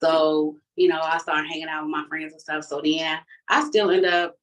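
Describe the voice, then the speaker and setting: A woman's voice: low-pitched, little pitch movement, moderate pace, distant mic, low-quality recording. A woman giving a candid, emotional church testimony in a colloquial way, full of fillers. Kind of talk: personal testimony storytelling.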